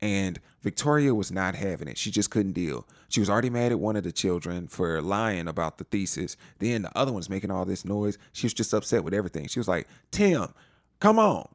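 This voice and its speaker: A man recaps a TV episode in a low voice that swings lively up and down. He retells the scenes casually and drops in slangy asides. The sound is dry and close. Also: fast, hardly any pauses, dry recording. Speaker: TV recap host.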